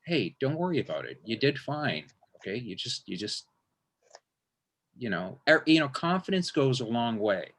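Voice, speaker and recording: A man's voice: medium pitch, big pitch swings, moderate pace, a bit bright. A man, a magician, talking in a casual interview, rambling with frequent restarts and acting out quotes.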